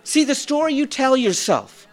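A man preaching a sermon, swinging from shouted peaks to quiet storytelling. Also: very high-pitched, expressive, normal speed, a faint crowd. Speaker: pastor.

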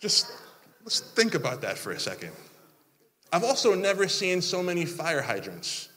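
A man in his thirties preaching a sermon, animated, with mock-complaining asides. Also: sits high, moderate pace, slight background noise. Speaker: pastor. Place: church hall. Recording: long hall reverb.

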